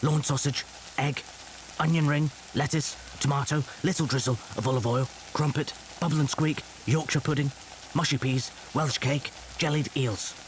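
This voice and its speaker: A man's voice: mid-range voice, a little hiss or hum, lightly acted, low-quality recording. A man playing a brash, foul-mouthed celebrity chef who talks aggressively.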